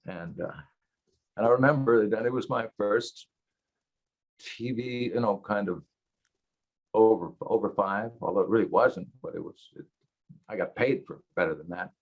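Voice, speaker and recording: A man's voice: fairly low pitch, moderate pace, creaky, pauses often, dull audio. A man in his eighties, a guest actor, telling rambling wry anecdotes in a casual interview. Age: 80s. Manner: many fillers and restarts.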